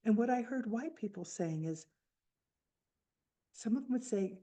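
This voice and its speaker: A woman in her seventies telling a personal story at a book fair, reflective and halting with restarts. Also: a little high, expressive, mellow. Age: 70s. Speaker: author speaking at a book fair.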